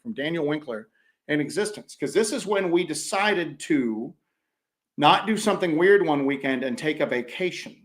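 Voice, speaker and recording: A man co-hosting a paranormal podcast livestream, telling stories in a joking, animated way. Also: a little high, normal speed. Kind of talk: casual livestream chat.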